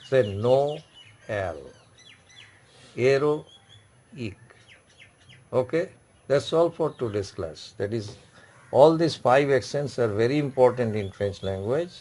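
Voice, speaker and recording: A man's voice: medium pitch, lively intonation, mellow. A man runs an online French class. He explains step by step, repeating each point. His voice sits mid-range. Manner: slow, repetitive explaining with frequent "okay" check-ins. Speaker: French teacher. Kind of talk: online language lesson.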